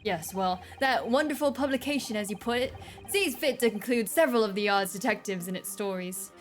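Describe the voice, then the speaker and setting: A woman's voice: medium pitch, brisk, faint music behind, natural voice. Woman reading as scornful grumbling police inspector. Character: brusque middle-aged male police inspector.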